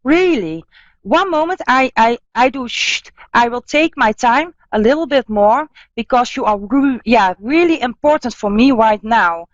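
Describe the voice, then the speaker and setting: A woman medium giving a spiritual healing reading, talking in soothing, repetitive, halting phrases. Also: a little high, expressive, no echo, highs cut off.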